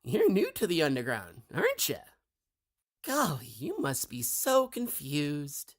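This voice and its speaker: A woman voicing a sweet-talking little male flower who acts falsely friendly, in a singsong, drawn-out manner. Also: low voice, huge pitch swings, exaggerated voice. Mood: chirpy.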